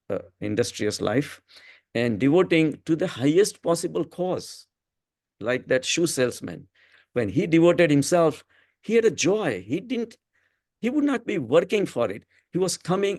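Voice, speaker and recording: An older man with an Indian English accent tells stories in a relaxed spiritual talk, his voice carrying a gravelly fry. The sound is close and dry, with no room around it. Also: medium pitch, dry recording. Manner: anecdotal, chuckling storyteller with frequent restarts. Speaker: spiritual talk speaker, physician.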